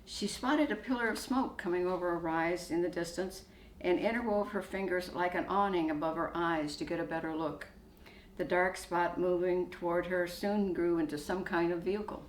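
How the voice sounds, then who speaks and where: A woman author reading her own short story aloud in a steady storytelling manner. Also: on the low side, normal speed, recorded from a distance. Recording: echoey room, faint hiss.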